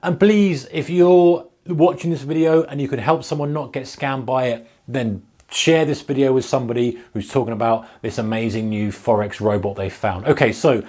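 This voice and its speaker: A man's voice: mid-range voice, steady tone, normal speed, darkish tone. A man with a British accent, a trading educator, talking viewers through a topic in a casual, emphatic, direct way. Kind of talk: casual explainer to camera.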